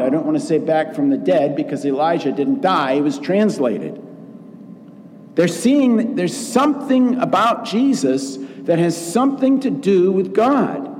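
Man, pastor, sermon, lively pitch, slightly high voice, long church reverb. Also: a little hiss or hum. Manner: slow, animated preaching with acted quotes. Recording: long reverb in a large room.

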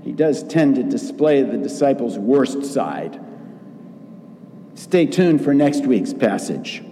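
Slow animated preacher in a reverberant hall. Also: male voice, medium pitch, slight background noise. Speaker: pastor. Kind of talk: sermon. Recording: long reverb in a large room.

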